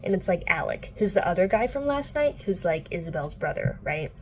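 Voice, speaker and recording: A woman's voice: lowish voice, very animated, a little fast, a little hiss or hum. A young woman in her twenties casually recapping a novel for her channel, chatty and full of fillers, playfully quoting the characters. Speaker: book vlogger.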